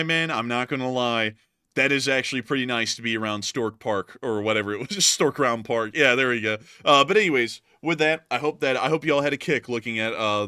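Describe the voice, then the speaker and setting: A man's voice: medium pitch, pushed and bright, smooth, no room sound, studio quality. A man co-hosting a live stream in casual chat, laid-back and laughing, repeating his thank-you phrases for donations. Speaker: co-host of a live news stream.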